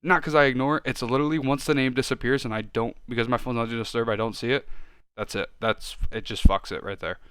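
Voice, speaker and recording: A man co-hosting a podcast in casual chat, ranting and swearing freely and getting loud when worked up. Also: mid-range voice, steady tone, quick pace, clean tone, no room sound, studio quality. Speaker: podcast co-host.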